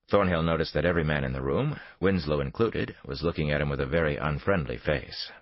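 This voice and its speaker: A man narrating a thriller audiobook in a measured, dramatic storytelling manner. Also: a bass voice, no room sound. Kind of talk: scripted narration. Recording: dull lo-fi dry recording.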